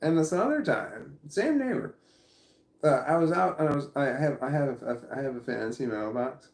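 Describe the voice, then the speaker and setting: A man's voice: mid-range voice, animated, moderate pace, creaky, reverberant. A man telling a casual story to the camera. He rambles, repeats himself and swears often. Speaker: vlogger.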